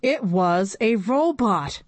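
A woman's voice: mid-range voice, expressive, slow pace, dry recording. A woman narrating a children's book in a playful first-person storytelling voice. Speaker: audiobook narrator.

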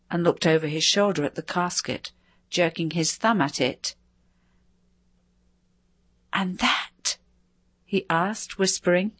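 A woman narrating a story in a measured, expressive reading. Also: fairly low pitch, dry recording. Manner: measured, expressive, varied delivery.

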